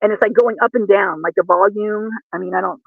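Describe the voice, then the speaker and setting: Man, high voice, earnest and rambling, casual chat, tinny dry phone-like audio. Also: fairly even intonation, a little fast, gravelly, no room sound. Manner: earnest, rambling, self-correcting. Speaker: guest on a livestream.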